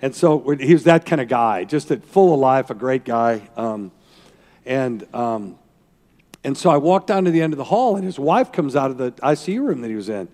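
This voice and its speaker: A man preaches as a pastor in a folksy, rambling way, breaking off for asides to his listeners. His voice sits at a middle pitch. A long reverb from the hall trails behind his words. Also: big pitch swings, moderate pace, darkish tone. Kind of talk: sermon.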